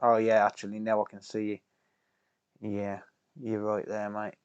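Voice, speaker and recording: A repair streamer in his 30s chats casually with viewers while soldering on a live stream, bantering and swearing under his breath. His fairly low, darkish voice is completely flat at a normal speed, clear and resonant, with no room sound but dull audio.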